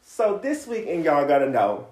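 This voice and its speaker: A woman's voice: low voice, big pitch swings, normal speed, a little mellow, roomy sound. A woman co-hosting a podcast, ranting bluntly and sarcastically with plenty of swearing. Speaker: podcast co-host. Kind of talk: casual profane rant.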